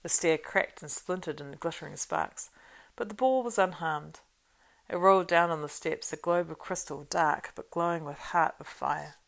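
A woman reading a fantasy audiobook, narrating in a steady, unhurried way. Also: sits low, creaky. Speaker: audiobook reader.

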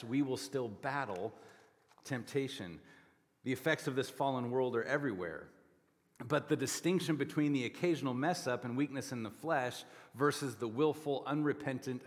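A man preaching a sermon as pastor, explaining scripture and pressing his points with forceful repetition. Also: medium pitch, long reverb tail. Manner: emphatic, rising to forceful repetition. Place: church sanctuary.

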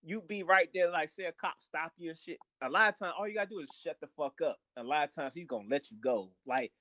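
A man's voice: a little high, fast talker, pushed and bright, no room sound. A young man co-hosting a family podcast in casual chat, blunt and profane, often repeating words as he starts a thought. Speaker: podcast co-host.

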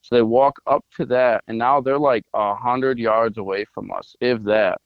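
A man's voice: medium pitch, steady tone, moderate pace, dry recording, muffled recording. Rambling man telling a hunting story. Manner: rambling storyteller, lots of "like" fillers. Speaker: podcast co-host. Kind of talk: casual hunting podcast chat.

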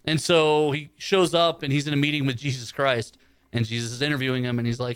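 A man's voice: medium pitch, flat delivery, brisk, smooth, no echo. A man co-hosting a casual radio show, retelling a funny video in a rambling way with fillers.

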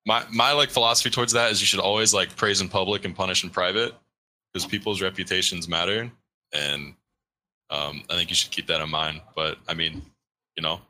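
Male co-host, deep with a tense, sharp edge, thoughtful and hedging. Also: fairly even intonation, fairly quick, poor audio. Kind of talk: casual talk-show discussion.

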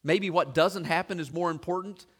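Man, pastor, sermon, earnest, repeats questions, high-pitched voice, middle-aged. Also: normal speed, fairly bright tone, slightly rough. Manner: earnest, builds long lists, repeats questions to the congregation.

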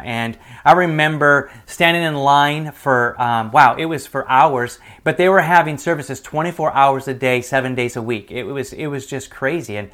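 A middle-aged man preaching a sermon, telling a personal story and moving between lively retelling and hushed, quiet moments. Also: mid-range voice. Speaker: pastor.

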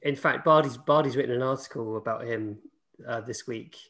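A man's voice: mid-range voice, a little fast, a bit bright. A man appearing as a guest podcast host, talking in an earnest, rambling way. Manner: earnest, rambling, many fillers and restarts. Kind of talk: casual podcast chat.

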